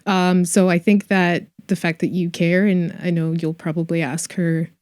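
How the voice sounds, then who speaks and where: A woman actress talking in a casual interview, chatty and reflective, her voice trailing off softly. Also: fairly low pitch, level tone, normal speed, smooth, no room sound, clean studio sound.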